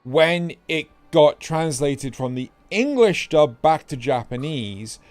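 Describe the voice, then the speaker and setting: A man's voice: on the high side, expressive, takes it slowly, a little mellow, dry recording. A man streaming a game, chatting casually about cartoons. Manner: chatty, with fillers. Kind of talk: casual gaming chat.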